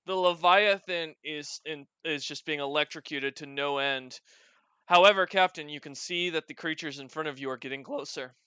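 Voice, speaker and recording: A man's voice: a little high, normal speed, pushed and bright, clear, resonant tone, no echo. A man narrating as game master of a tabletop game, bantering playfully with his players. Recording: dull lo-fi recording.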